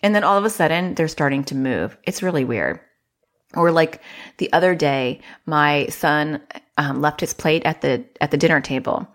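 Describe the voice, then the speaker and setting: A woman's voice: deep voice, expressive, normal speed. A woman child therapist hosting a podcast, giving casual advice in a chatty, self-deprecating way and acting out little quotes.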